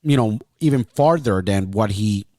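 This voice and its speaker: A man's voice: on the low side, lively intonation, moderate pace, darkish tone. A man hosting a casual interview, chiming in with short agreements and his own opinions. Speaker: interview host.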